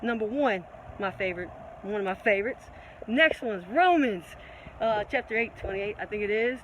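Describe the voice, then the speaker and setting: An excitable woman with a medium-pitched, slightly congested voice answers viewers' questions at a normal speed in a loose, chatty live stream. She turns animated and preachy, repeatedly calling people baby. The recording is rough, with steady outside traffic noise running beneath her voice.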